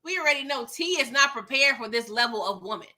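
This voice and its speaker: A woman's voice: fairly high pitch, expressive, fast talker, bright, forceful tone. A woman giving a chatty, exasperated recap of a TV episode, laughing at scenes and greeting her viewers by name. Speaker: TV episode reviewer. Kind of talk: casual recap commentary.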